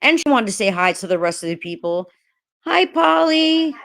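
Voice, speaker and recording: A woman's voice: fairly high pitch, very animated, moderate pace, vocal fry, fairly bright tone. A woman hosting a casual livestream, greeting viewers by name while rambling, hesitant and upset, with many restarts and swearing. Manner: frustrated and upset. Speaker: livestream host.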